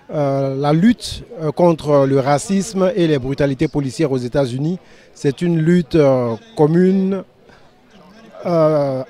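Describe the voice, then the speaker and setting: A man from the Ivory Coast giving a hesitant interview at an outdoor rally, pausing often with filler sounds. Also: fairly high pitch, warm tone. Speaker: community representative interviewed.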